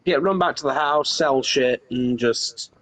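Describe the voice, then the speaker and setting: A man's voice: medium pitch, measured pace, a bit bright, no echo, low-quality recording. A man co-playing a farming game on a stream, laid-back and answering in short agreeing replies. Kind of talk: casual gameplay chat.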